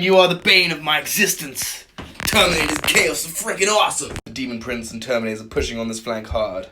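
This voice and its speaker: A man playing and commentating a tabletop wargame, talking excitedly with loud bursts of cheering and groaning at dice rolls. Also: on the high side, fairly quick, background noise.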